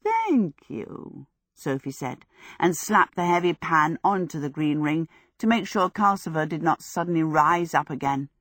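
A woman reading a story aloud in a measured, even way. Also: deep voice, dry recording, studio quality. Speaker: narrator. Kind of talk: audiobook reading.

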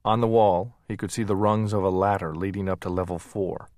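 A man narrating an audiobook in a steady, measured reading voice. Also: low voice, dry recording, clean studio sound.

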